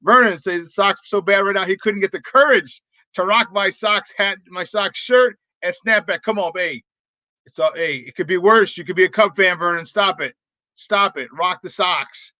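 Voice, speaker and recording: Hyped-up bright male sports host. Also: high voice, normal speed, dry recording. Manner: hyped, rhyming, playful banter. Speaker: sports talk show host. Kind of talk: energetic sports radio talk.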